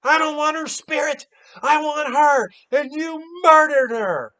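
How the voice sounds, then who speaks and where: Man doing a screeching, unhinged woman nurse, obsessive fan, big pitch swings, ranting. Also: sing-song, very slow, a bit bright, heavily acted. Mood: shrill. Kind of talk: movie recap with acted quotes.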